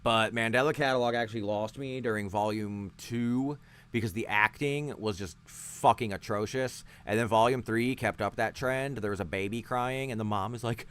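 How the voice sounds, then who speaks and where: A man's voice: mid-range voice, moderate pace, fairly bright tone, clear, resonant tone. A man streaming from outdoors on a porch, giving profane, blunt and sarcastic commentary on videos he is watching. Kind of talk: casual live-stream commentary.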